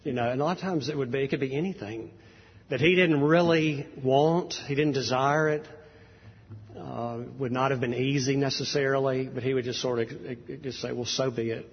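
A man's voice: mid-range voice, moderate pace, breathy edge. A man preaching a sermon in a conversational, anecdotal way, with frequent fillers and restarts. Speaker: pastor. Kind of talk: sermon introduction. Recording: dull audio in a reverberant hall.

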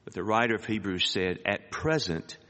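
A man preaching a sermon. He reads scripture aloud and rises sharply in pitch on emphatic words. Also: animated, moderate pace, pushed and bright. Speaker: pastor. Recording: hall reverb.

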